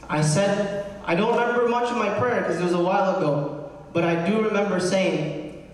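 A man's voice: sits high, moderate pace, long pauses, a little hiss or hum. A young man, a deacon, giving an earnest personal testimony in a sermon and often checking in with the congregation. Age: young adult. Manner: earnest storytelling, addresses the congregation with "right?". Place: large cathedral. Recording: echoey cathedral hall from far off.

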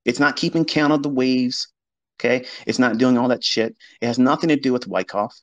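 Speaking briskly in a mid-range voice, a trading educator hosting an audio space goes off in a casual monologue, blunt and profane, mocking the doubters he quotes. The recording sounds muffled.

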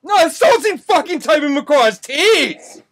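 Aussie guy, really high voice, yelling and cursing mid argument on a podcast. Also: big pitch swings, a little slow, slight background noise. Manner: loud, swearing, exasperated. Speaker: podcast co-host. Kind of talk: heated casual argument.

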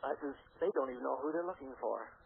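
Gravelly man telling a story by phone. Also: mid-range voice, fast talker. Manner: animated storyteller acting out quoted dialogue. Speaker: interview guest. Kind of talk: phone-in radio interview. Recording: phone-line radio broadcast.

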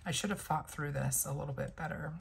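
A woman's voice: low voice, fast talker, creaky, noisy background. A woman chatting casually to viewers while doing a planner crafting tutorial, thinking aloud as she works. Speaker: planner and sticker vlogger.

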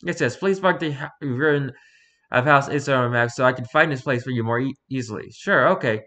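A man reading out online posts in casual reaction commentary, dropping mocking, sarcastic asides between them. His voice has a bright, forward tone, and he talks like a streamer chatting to viewers. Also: medium pitch, fairly quick. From Pacific Northwest.

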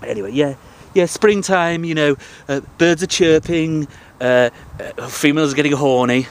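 A man's voice: on the high side, moderate pace, a little hiss or hum. A man in his forties with a Northern English accent, talking a rambling, crude, jokey vlog outdoors on sand dunes by the sea, out of breath from climbing. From England. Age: 40s. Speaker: vlogger.

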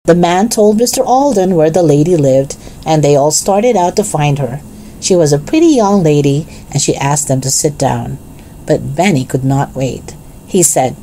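A woman reading a children's chapter book aloud in an expressive, clear storytelling voice. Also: sits low, moderate pace, a little hiss or hum, low-quality recording.

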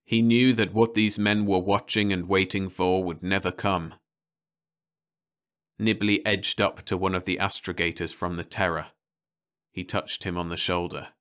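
A man calmly reading a science fiction short story aloud as an audiobook narrator. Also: low-pitched, unhurried, clear, resonant tone.

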